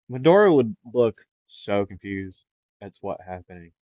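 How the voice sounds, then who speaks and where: Slow-talking man spinning an anime what-if. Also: on the low side, big pitch swings, darkish tone, dry recording, highs cut off. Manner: rambling, playful, many fillers. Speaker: anime YouTuber. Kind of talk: casual storytelling commentary.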